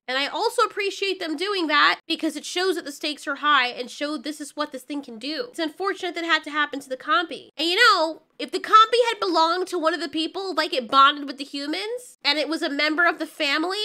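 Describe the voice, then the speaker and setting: Bright high-voiced woman reviewing a show. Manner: animated, swearing, joking. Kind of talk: casual video review.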